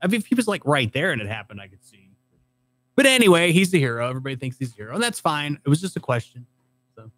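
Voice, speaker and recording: A man's voice: fairly high pitch, sing-song, fast, fairly bright tone, no room sound. A man co-hosting a podcast, reading entertainment news aloud and questioning it in casual chat. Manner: reads articles aloud, then questions them. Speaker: podcast co-host.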